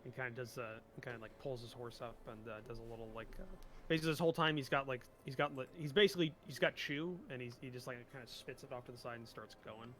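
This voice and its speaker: A man running a tabletop game as game master, halting and laughing as he narrates. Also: medium pitch, fairly even intonation, fairly bright tone. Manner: halting, full of fillers and laughs.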